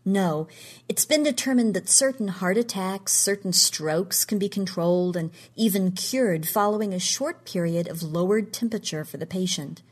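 A woman reading the lines of a calm male researcher who explains things in a steady, controlled way. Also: mid-range voice, normal speed, slightly rough, natural voice. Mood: calm, explaining.

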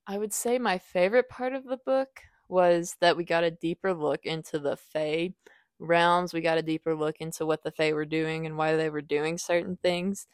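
A young woman talks through a book review on her podcast in a casual, animated way. Her voice sits a little low for a woman. The recording is dry and close, with no room sound. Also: no echo. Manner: chatty, animated, acts out characters' lines in quick bursts.

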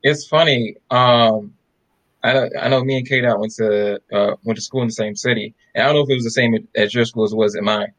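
A man's voice: medium pitch, a little fast, low-quality recording. A man co-hosting a podcast, telling stories in a casual chat and acting out the voices of the people he quotes. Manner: animated, acts out quoted voices. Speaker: podcast co-host.

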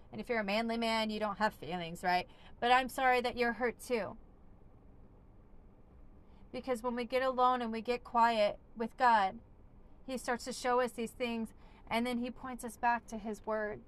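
A woman with a high voice talks about faith like a preacher. She builds to loud, emphatic declarations, then drops into soft, tender asides. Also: clear, resonant tone. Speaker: podcast host. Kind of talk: impassioned faith talk.

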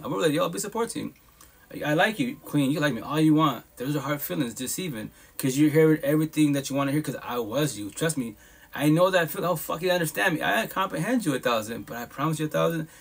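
A man's voice: medium pitch, creaky, breathy edge. A man hosting a live podcast, giving casual, heartfelt advice in a blunt, profane, repetitive and emphatic way.

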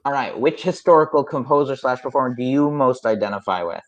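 A man hosting a casual podcast, reading questions briskly with quick playful quips, over a remote call. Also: medium pitch, lo-fi sound. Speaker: podcast host asking questions.

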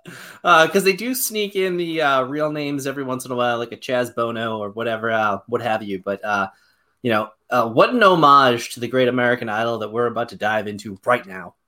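A man's voice: mid-range voice, a little fast, sharp tone. Playful hyped male podcast co-host. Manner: playful, hyped, many fillers. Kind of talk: casual podcast chat.

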